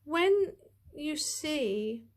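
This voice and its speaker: A woman's voice: high-pitched, animated, drawn-out words, noisy background. A woman chatting to camera as she reviews a tarot deck, gushing, rambling and full of asides.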